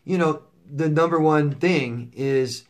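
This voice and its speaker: A man's voice: on the high side, slow pace. Blunt, swearing male coach. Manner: blunt, profane, repetitive phrasing; conversational with many fillers and restarts. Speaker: life coach answering viewer questions. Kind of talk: casual to-camera Q&A.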